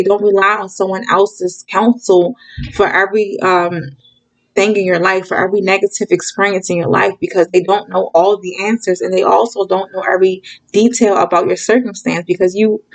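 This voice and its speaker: A spiritual reader and channel host speaks at medium pitch over a rough recording. Her casual monologue gives viewers frank, tough-love advice, with frequent check-ins like "okay?" and "you guys." She talks quickly when excited and acts out voices when quoting others.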